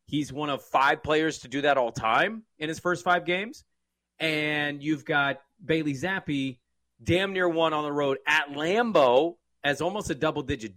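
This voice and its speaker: Bright-voiced opinionated man. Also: a little high, no echo. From US West Coast. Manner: opinionated, joking, quick asides. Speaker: sports podcast co-host. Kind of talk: casual sports chat.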